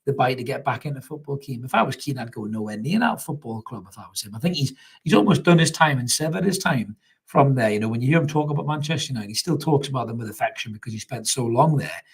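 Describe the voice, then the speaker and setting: A man's voice: medium pitch, lively intonation, quick pace, breathy edge. A young man hosts a live football reaction stream, chatting casually, laughing often and reading out viewer comments. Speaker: fan channel host.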